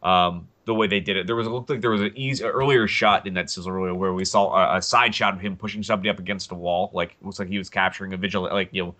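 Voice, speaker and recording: A man with a low, bright and forceful voice chats on a casual podcast. He rambles eagerly and gets lively when joking about favorite characters. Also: fast talker, hardly any pauses. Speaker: podcast co-host. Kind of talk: casual chat.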